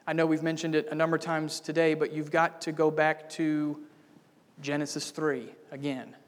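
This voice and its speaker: A man's voice: on the high side, little pitch movement, normal speed. A man preaching a sermon as pastor, building to bold, emphatic declarations. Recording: long reverb of a church hall.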